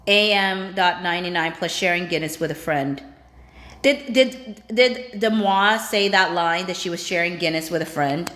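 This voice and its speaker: A woman's voice: fairly low pitch, normal speed, a bit bright. A woman hosting a casual livestream, reading viewer comments aloud and reacting with chatty asides. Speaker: livestream host. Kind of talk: casual live-chat reading. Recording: roomy echo.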